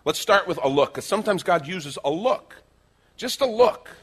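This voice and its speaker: A middle-aged male pastor preaching a sermon, telling stories with lively changes between loud acted-out lines and hushed quiet moments. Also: sits high, moderate pace, breathy edge. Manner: animated storytelling, acting out quoted lines, dropping to hushed tones.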